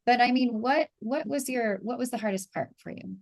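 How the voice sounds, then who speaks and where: A woman's voice: fairly high pitch, normal speed, vocal fry, noisy background. A woman hosting a podcast, interviewing her guest with eager, affirming comments. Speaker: podcast host. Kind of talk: interviewing, encouraging chat.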